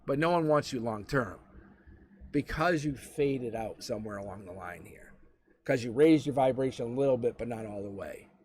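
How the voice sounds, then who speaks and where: A man's voice: medium pitch, moderate pace, a little hiss or hum. A man giving a live-stream tarot reading, talking bluntly and with plenty of profanity as he tells stories to the viewer. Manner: blunt, profane, animated storytelling. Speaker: tarot reader.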